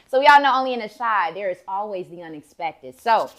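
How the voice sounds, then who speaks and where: A woman hosting a casual chat show, from Chicago, playful and quick to laugh, with loud bursts. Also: medium pitch, animated. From Chicago, USA. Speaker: podcast host.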